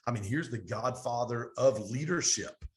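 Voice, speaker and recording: A middle-aged man talking as a guest on an interview show, with a voice of ordinary pitch. He spins stories with energetic momentum. He keeps acting out what others said. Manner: energetic, fast storytelling with animated quoted dialogue. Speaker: podcast guest, coach. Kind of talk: storytelling interview.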